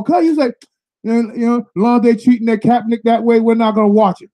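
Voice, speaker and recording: A man's voice: very high voice, fairly even intonation, quick pace, dark tone. A young man from Massachusetts hosting a casual talk show, speaking in a loose, profane, rambling way. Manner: loose, profane, repetitive with "you know what I mean". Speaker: show host. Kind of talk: casual streetwise monologue.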